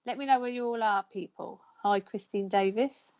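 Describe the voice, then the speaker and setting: A woman's voice: medium pitch, moderate pace, muffled recording. A woman hosting a live psychic counselling stream, chatting and greeting her viewers by name. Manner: chatty, warm greetings, reads out viewer names.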